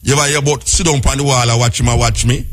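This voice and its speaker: Husky Jamaican man, impassioned monologue. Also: medium pitch, fairly even intonation, very fast. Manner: rhetorical, repeating questions and lists. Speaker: radio talk show host.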